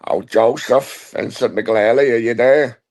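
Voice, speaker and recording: A man on a stream call putting on a gruff, throaty voice, teasingly calling the host "lad". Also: mid-range voice, a little slow, darkish tone, lightly acted. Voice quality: gravelly, throaty. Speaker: caller on a live stream.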